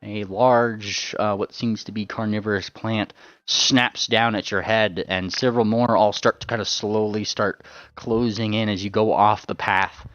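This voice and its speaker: A man's voice: on the low side, steady tone, unhurried, a bit bright, dry recording. A man running a tabletop game as game master, rambling with lots of fillers and repeated words. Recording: dull lo-fi sound.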